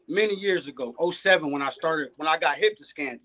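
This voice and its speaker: A man's voice: a little high, quick pace, a bit bright. Laid-back man telling a story. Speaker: podcast guest, dog breeder. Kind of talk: casual storytelling chat.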